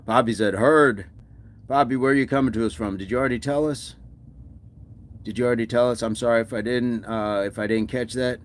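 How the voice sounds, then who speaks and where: A man's voice: medium pitch, steady tone, fairly quick. A man hosting a fitness livestream, chatting casually and answering viewer comments with encouragement.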